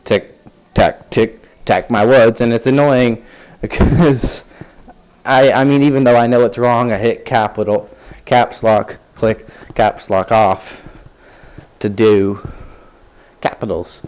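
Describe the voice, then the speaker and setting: A man's voice: medium pitch, steady tone, slow, darkish tone, clean tone, dull audio. A man telling a rambling, sarcastic story to camera, swearing freely as he goes. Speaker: vlogger.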